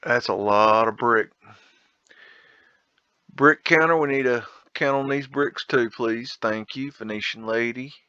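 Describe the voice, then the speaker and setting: A man's voice: medium pitch, measured pace, bright, forceful tone, clean tone, no room sound, lo-fi sound. A man hosting a casual photo tour, rambling, blunt and profane, with a folksy drawl. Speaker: video host.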